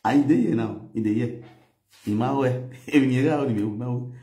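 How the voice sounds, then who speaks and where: In a casual piece to camera, a middle-aged vlogger narrates a lively story in Nigerian Pidgin English, quoting people and breaking into laughter regularly. He has a medium-pitched, dark voice at a moderate pace, recorded in a roomy space.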